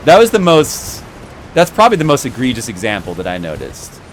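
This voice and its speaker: A man chatting loosely while he plays a game, his pitch swinging widely as he rambles and mocks scenes he dislikes. Steady background noise sits under his voice throughout. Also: a little fast. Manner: rambling, animated, mocking movie scenes. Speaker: streamer playing a game. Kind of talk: casual chat while gaming. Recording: noisy background.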